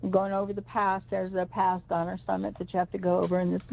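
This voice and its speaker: Gravelly woman on a tinny phone line. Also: mid-range voice, little pitch movement, fast talker. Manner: rambling, emphatic storytelling with restarts. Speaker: psychic reader. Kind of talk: personal storytelling on a call-in show.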